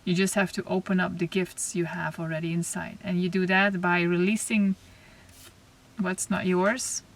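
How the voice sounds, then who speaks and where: A woman giving a spiritual oracle card reading to camera, talking softly and reflectively, with pauses and restarts. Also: lowish voice, little pitch movement. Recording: slightly distant mic, faint noise.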